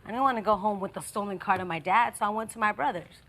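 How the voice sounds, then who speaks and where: A woman's voice: mid-range voice, fast, very noisy. A young woman testifying as a litigant in court, defensive and arguing back at the judge.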